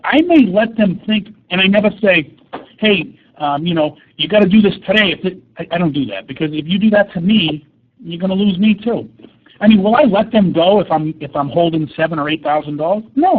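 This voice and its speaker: A man's voice: fairly high pitch, lively intonation, a little fast, breathy edge. A man who sells cars talks bluntly about money as an interview guest, often repeating words. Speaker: car salesman guest. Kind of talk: casual interview on a webinar. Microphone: phone call. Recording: tinny phone line with faint hiss.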